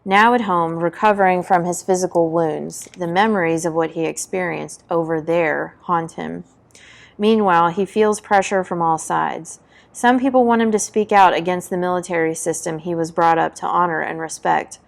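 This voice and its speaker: Woman, book talk presenter, reading a novel aloud, dramatic, gravelly, low voice. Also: steady tone, normal speed. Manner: dramatic reading, voicing battle sound effects.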